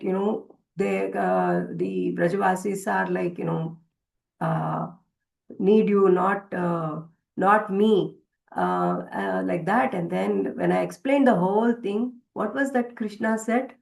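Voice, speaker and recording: A woman's voice: mid-range voice, animated, slow, creaky, rough recording. A woman teaching a devotional scripture class. She retells a story hesitantly, with many fillers and restarts.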